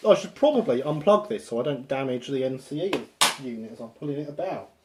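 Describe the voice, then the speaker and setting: A man chatting casually on a live stream as he works on a model railway. His pitch moves a lot, bouncing up and down with his jokes. He is self-mocking and cheerful, a mid-pitched voice. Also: fast talker, background noise. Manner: self-mocking, jokey, lively. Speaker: livestream host building a model railway. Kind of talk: casual live-stream chat while working.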